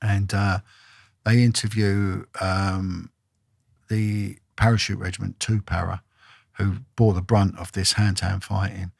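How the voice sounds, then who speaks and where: Brief: ex-detective man, podcast guest, blunt emphatic delivery with a gravelly edge, dry recording. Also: low-pitched, little pitch movement, measured pace, a little mellow, no room sound. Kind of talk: storytelling in a podcast interview.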